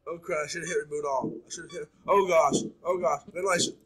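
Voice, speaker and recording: A man's voice: on the high side, steady tone, brisk, hardly any pauses, fairly bright tone, husky, soft background music, low-quality recording. A man playing a horror game, chattering nonstop and jumpy as he talks his audience through it. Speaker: gaming YouTuber. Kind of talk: horror game let's play commentary.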